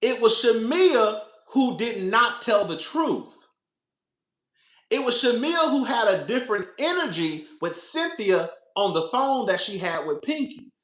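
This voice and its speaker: A man giving casual, animated commentary on a reality show, talking straight to his viewers and calling them girl and baby. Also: very high voice, unhurried, echoey room.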